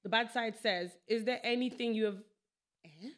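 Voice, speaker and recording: A woman's voice: on the high side, moderate pace. A young woman hosting a podcast with a London accent, chatting casually and laughing easily as she rambles through stories. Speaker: podcast host. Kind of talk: casual chat.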